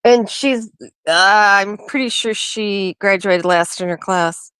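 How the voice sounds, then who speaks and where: A woman's voice: medium pitch, slow pace, a bit bright, clear, resonant tone, no echo. A woman on a remote call in a casual livestream chat, making dry, matter-of-fact remarks.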